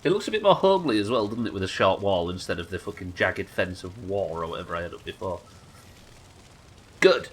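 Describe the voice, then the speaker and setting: A man's voice: low-pitched, animated, a little fast, a little hiss or hum. A man with a Yorkshire accent chatting casually and swearing freely while streaming a game. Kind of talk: casual live-stream chat while gaming.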